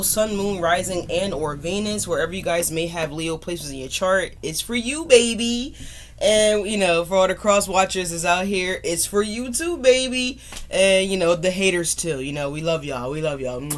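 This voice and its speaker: A woman hosts her own tarot channel in easygoing chat straight to camera. She talks loosely and warmly, loops back through the same greetings and drops the odd curse word. Her voice now and then moves away from the camera mic. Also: on the low side, normal speed, slight background noise. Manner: chatty and loose, repeats greetings, swears casually. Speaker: tarot reader and channel host.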